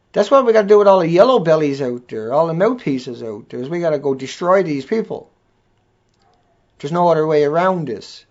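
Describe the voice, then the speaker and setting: Male vlogger, high voice, furious profane tirade, dull lo-fi sound. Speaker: video blogger. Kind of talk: angry ranting monologue. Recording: dull lo-fi recording.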